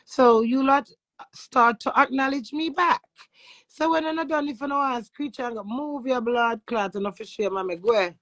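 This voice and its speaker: A Jamaican woman with a fairly high voice talks brash and boastful in thick patois, swearing at every turn. Her voice sits close and dry, with no room sound around it. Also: normal speed, dry recording. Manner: loud, profane and boastful. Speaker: social media influencer. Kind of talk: brash casual talk in patois.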